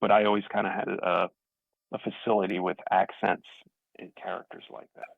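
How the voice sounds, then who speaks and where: Gravelly, husky man from New York, guest actor telling stories, thin phone-line sound. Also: sits low, level tone, a little fast, no room sound. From Staten Island, New York. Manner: rambling, self-deprecating storyteller. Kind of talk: casual interview conversation. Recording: tinny phone-like dry audio.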